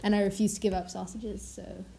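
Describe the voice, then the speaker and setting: A woman's voice: mid-range voice, flat delivery, a little fast, gravelly, warm tone, a little hiss or hum. A woman in a casual chat on a video call, teasing in a dry, matter-of-fact way.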